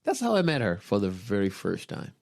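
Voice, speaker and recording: Deep-voiced man telling a story. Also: a little fast, vocal fry, no echo, studio quality. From Kenya. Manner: relaxed storyteller, chuckling often, quoting others. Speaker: podcast guest. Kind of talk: personal storytelling in casual chat.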